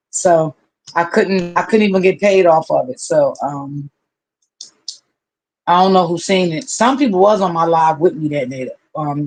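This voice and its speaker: A chatty livestream host who talks casually to the audience and greets viewers by name with long, drawn-out hellos. The speech is familiar and loose, full of terms like honey and baby. The voice sits at an ordinary middle pitch. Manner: warmly familiar, calls people honey and baby.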